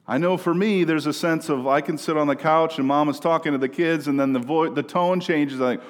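Preacher from Minnesota in a reverberant hall. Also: male voice, a little high, a little fast, hardly any pauses. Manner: conversational, asks "right?" often, swings between quiet and loud. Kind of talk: sermon. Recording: long reverb of a large room.

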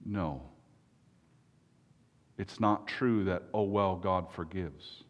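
A man preaching a sermon, earnest and emphatic, with long pauses. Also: deep voice, big-room sound, highs cut off.

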